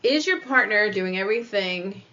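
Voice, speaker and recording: This podcast host has a medium-pitched, expressive voice with a sharp tone, moving at a moderate pace, though the recording is muffled. She gives earnest, casual life advice, repeats her points, and acts out the people she quotes.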